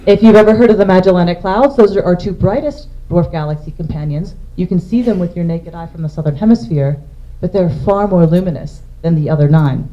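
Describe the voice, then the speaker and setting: This is a woman astronomer giving a public science lecture: her voice is lowish and warm, and she talks fairly quickly while pointing out slides and explaining things step by step. The audio is a dull lo-fi recording.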